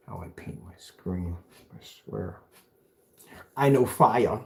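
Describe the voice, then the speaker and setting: A man's voice: on the low side, animated, slow, creaky, long pauses. A man mocking a rival in a ranting callout video, sarcastic, taunting, and repeating phrases back at him. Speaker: video blogger.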